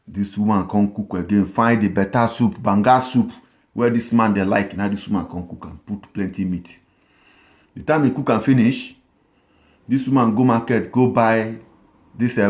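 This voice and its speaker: A man telling a comic story in a Nigerian Pidgin accent, animated, with repeated phrases and sly asides to the listener. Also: fairly low pitch, moderate pace.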